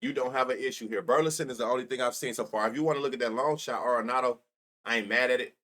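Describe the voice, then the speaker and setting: A man's voice: medium pitch, rapid-fire, fairly bright tone. A young man streaming live about sports bets, rambling and profane, laughing often and talking straight to his chat.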